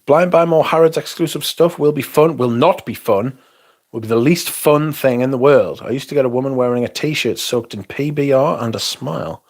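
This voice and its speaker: A man's voice: medium pitch, normal speed, a little mellow. A young man hosting a livestream, chatting casually, rambling and swearing as he reads comments aloud. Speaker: livestream host.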